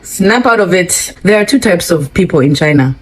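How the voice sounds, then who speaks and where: A woman gives travel advice in a casual vlog, playful and animated, acting out little exchanges. Her voice is low and husky. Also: moderate pace, poor audio. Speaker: travel vlogger.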